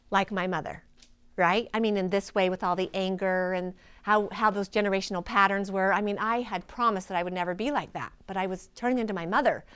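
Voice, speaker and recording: A woman's voice: mid-range voice, fairly bright tone, clear, resonant tone. Earnest woman sharing an inspiring story. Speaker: healing practitioner. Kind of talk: personal testimony talk.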